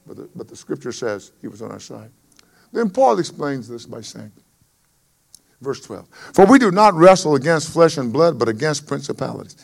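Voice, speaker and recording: A man preaching a sermon, his delivery swelling loud on scripture and dropping low between. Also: very animated, normal speed, gravelly. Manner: emphatic preaching that swells and drops in volume. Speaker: pastor.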